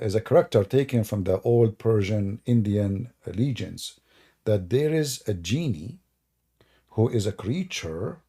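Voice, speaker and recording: A man's voice: fairly low pitch, warm tone, breathy edge. A man hosting a livestream and taking callers, talking in a sarcastic, mocking way with loose non-native grammar. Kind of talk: mocking religious-debate livestream.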